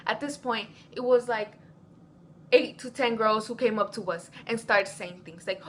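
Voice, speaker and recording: A woman's voice: mid-range voice, normal speed, slight background noise. A teenage girl telling a school drama story as a casual vlog, acting out what everyone said. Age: teens. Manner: animated, reenacting quotes. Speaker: vlogger.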